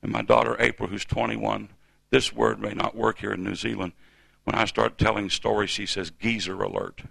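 Male preacher, fifties, gravelly voice, bright forceful tone, call-and-response sermon. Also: fairly low pitch, level tone, normal speed, no room sound. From United States. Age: 50s. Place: church.

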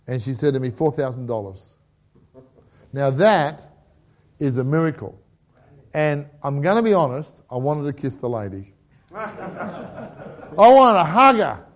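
A middle-aged Australian man preaching a testimony, telling a story with acted-out dialogue and laughter. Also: mid-range voice. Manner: animated storyteller who acts out dialogue and laughs.

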